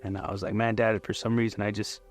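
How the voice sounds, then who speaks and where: A man's voice: fairly low pitch, little pitch movement, quick pace, soft background music. A man in his forties giving a candid, conversational personal testimony at church. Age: 40s. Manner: candid and conversational, many fillers.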